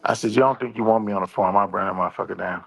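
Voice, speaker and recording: A man's voice: fairly low pitch, racing, gravelly, fairly bright tone. A man on a talk show, telling a story in a laid-back, drawling way. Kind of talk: casual storytelling.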